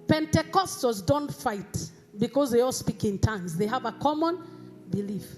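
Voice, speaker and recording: High-voiced Kenyan woman preaching. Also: animated, moderate pace, faint music behind. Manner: emphatic preaching, rising to shouts. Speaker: pastor. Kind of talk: sermon. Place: church.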